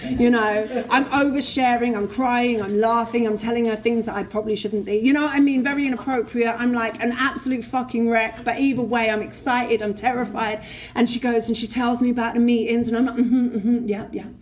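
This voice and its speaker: Her pitch is fairly high and her tone steady, and she talks a little fast with few pauses. The woman, who has a London accent, is telling her personal recovery story live before a convention audience, swearing freely and voicing the others in it.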